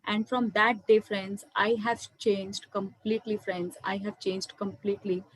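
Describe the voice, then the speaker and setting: A woman's voice: mid-range voice, little pitch movement, measured pace, poor audio. A woman, sharing a personal spiritual testimony in an earnest way and often addressing her listeners as friends. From India. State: emotional. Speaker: meditation speaker. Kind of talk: personal testimony to an online audience.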